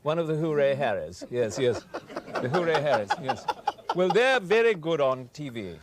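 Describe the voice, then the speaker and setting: A man's voice: on the high side, big pitch swings, moderate pace, very noisy, pitched above the performer's own voice. A man putting on an affected, upper-class Oxford-educated Englishman with a posh English accent. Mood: airy.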